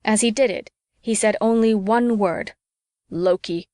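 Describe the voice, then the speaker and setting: A woman's voice: fairly high pitch, moderate pace, dry recording. Woman narrating an audiobook, dry sound. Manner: steady first-person storytelling.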